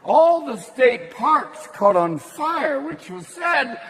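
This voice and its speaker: A man doing stand-up comedy on a theater stage into a handheld mic, manic and shouting, jumping between quick character voices. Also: very high-pitched, very animated. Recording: big hall, loud crowd laughing.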